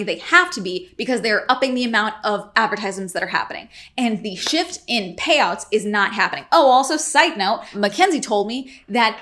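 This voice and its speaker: Woman vlogger, worked-up, exasperated, swearing, fairly high voice. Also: fairly bright tone. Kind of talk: casual ranting vlog.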